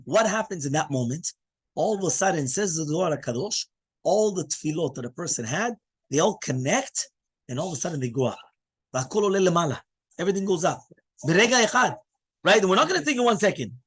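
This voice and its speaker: A man, a rabbi, giving a lively Torah class in English mixed with Hebrew terms. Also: high-pitched, quick pace, husky. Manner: animated teaching, mixing English with Hebrew terms.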